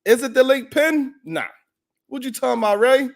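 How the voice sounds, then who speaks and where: High-voiced man ranting on a stream. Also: normal speed, gravelly. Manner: ranting, profane, exasperated. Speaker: live stream host. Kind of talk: heated reaction commentary.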